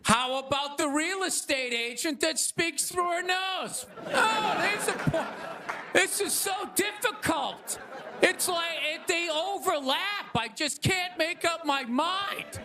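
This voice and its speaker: A male stand-up comedian ranting with exasperated bursts of shouting, on stage before a live audience. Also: extremely high pitch. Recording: audience laughter and noise.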